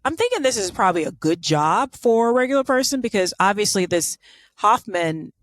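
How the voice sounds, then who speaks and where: A woman's voice: mid-range voice, sing-song, a little fast, dry recording. A woman co-hosting a podcast, telling a story in casual chat with sarcastic asides and lots of fillers. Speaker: podcast co-host.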